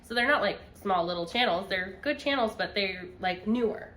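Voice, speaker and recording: A woman's voice: medium pitch, animated, moderate pace, fairly bright tone, a little hiss or hum. A young woman co-hosting a podcast, chatting casually about knitting in a rambling way. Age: young adult. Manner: chatty, rambling, laughs often. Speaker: podcast co-host. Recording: echoey room.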